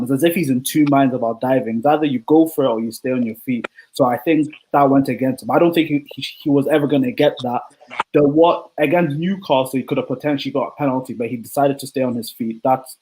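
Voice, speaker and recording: A man's voice: mid-range voice, fast talker, darkish tone, a little hiss or hum, rough recording. A man, a football fan on a casual podcast, rambling with many "like"s. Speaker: podcast co-host.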